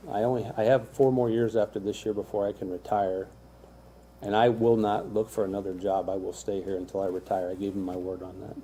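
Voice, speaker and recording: A man's voice: on the low side, warm tone. A middle-aged man, a school official, speaking sincerely and from the heart at a council meeting. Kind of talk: public meeting remarks. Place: council chamber. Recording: faint room noise, council meeting.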